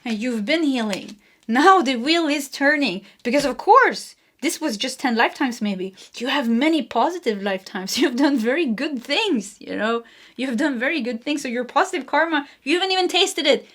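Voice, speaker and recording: A woman's voice: high-pitched, lively intonation, moderate pace. Chatty woman doing a tarot reading. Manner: warm, chatty, laughs often, many fillers. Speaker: tarot reader. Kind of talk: casual spoken tarot reading.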